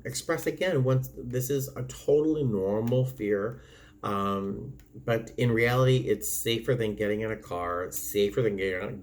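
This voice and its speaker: A flight attendant chatting casually to his viewers at a desk, in a gentle, patient tone that meanders with lots of ums. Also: mid-range voice. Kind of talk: casual chat to camera. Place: indoor room at a desk lit by a table lamp. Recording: air conditioner hum in background.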